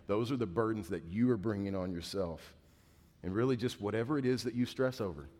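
A male pastor preaching a conversational sermon, dropping to a hushed voice when quoting. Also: fairly low pitch. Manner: conversational preaching, drops to a hushed voice for quoted words. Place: church sanctuary. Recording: reverberant church hall.

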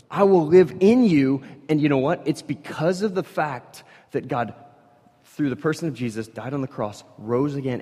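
Male pastor preaching, animated and conversational, emphatic bursts and hushed lows, medium pitch, long hall reverb. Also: slightly rough. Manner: animated, swings from loud emphatic bursts to hushed low lines. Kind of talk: sermon.

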